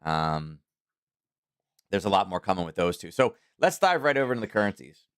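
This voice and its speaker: A man's voice: low-pitched, sing-song, a little fast, clean tone, no echo, clean studio sound. A man from Maryland hosting a live trading stream, talking in a casual, rambling way with many fillers and restarts. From Maryland, USA. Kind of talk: casual live market commentary.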